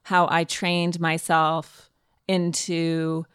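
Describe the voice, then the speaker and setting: A woman's voice: sits low, monotone, very slow, clean tone, no room sound, clean studio sound. A woman hosting an interview, reflective and thinking aloud as she shares her own view. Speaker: interviewer, podcast host. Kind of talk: conversational interview.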